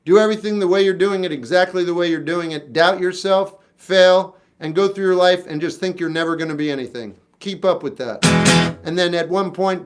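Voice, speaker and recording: Laid-back high-voiced man chatting to chat. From South Florida, US. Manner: laid-back, wry, reads chat questions aloud and answers. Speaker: livestream musician answering chat. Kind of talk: casual livestream chat.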